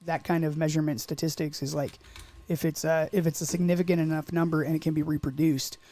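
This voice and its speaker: Casting: male podcast co-host, a bit high-pitched, rambling and jokey. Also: little pitch movement, dark tone. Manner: rambling, jokey, quick to put on silly voices. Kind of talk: casual chat.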